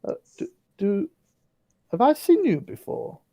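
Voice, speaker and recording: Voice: mid-range voice, wildly swooping pitch, unhurried, background noise, pitched above the performer's own voice. Game master playing a blunt, suspicious ruffian guard. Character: wary male ruffian guard, stubborn.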